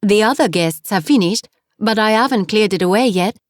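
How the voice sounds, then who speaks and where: A woman voicing a kindly, cheerful French guest house landlady with a French accent, fussing warmly over her guest. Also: mid-range voice, moderate pace, dry recording, studio quality, voice pushed up, close to an everyday voice. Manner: warm, fussing, motherly.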